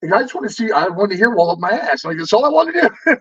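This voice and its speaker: Man in his fifties, fairly high voice, rambling and profane podcast guest, dull lo-fi audio. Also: sing-song, quick pace, fairly bright tone, husky. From Southern California. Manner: rambling and profane, full of fillers and restarts. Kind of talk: casual storytelling interview.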